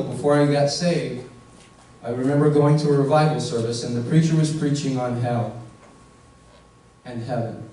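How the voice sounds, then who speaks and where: A male pastor delivers a slow, earnest sermon, stretching out the words he wants to land and putting questions straight to his listeners. His voice sits a little high for a man and has a mellow, soft-edged tone. He is heard from a distance in a very echoey church. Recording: echoey room, voice from far off.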